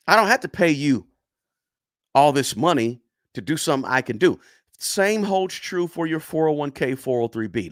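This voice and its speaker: Emphatic man with lively, dry voice. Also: fairly high pitch, a little fast, creaky, no echo. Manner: emphatic, repeats words for stress, frequent "right?". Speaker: personal finance YouTuber. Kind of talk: casual talk to camera.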